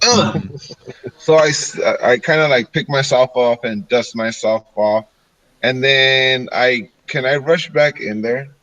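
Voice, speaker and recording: A man's voice: medium pitch, measured pace, fairly bright tone, dry recording, muffled recording. A man playing a tabletop game who describes his character's actions hesitantly, with many fillers. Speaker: player. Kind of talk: tabletop role-play.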